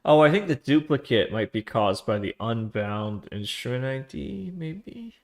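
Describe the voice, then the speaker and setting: A man streaming himself coding a trading tool, chatting loosely with slang and laughs, then muttering quietly to himself as he works. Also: medium pitch, animated, measured pace. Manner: slangy, with laughs between phrases. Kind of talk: casual live-coding chat.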